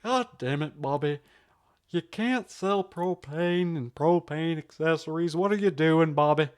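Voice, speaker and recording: A gruff cartoon dad, as a young man puts him on, scolding in a slow, exasperated drawl. The voice sits a little back from the mic. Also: on the high side, lightly acted.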